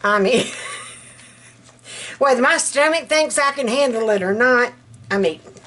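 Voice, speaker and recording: A home cooking vlogger from South Alabama chats folksily with her viewers in her home kitchen, calling them girl and baby in a Southern accent. Her high voice is animated, bright, and forceful, a little slow, with slight background noise.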